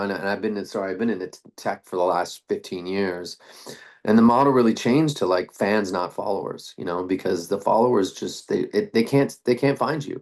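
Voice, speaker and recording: A middle-aged man, a band frontman, talking casually in an interview, rambling with restarts and fillers. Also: on the low side. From Canada.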